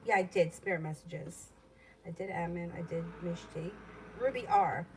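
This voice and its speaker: A woman's voice: fairly low pitch, normal speed. A woman giving casual tarot readings on a live stream, talking in a loose, rambling way. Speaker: tarot reader. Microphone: home streaming setup. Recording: noisy live stream audio.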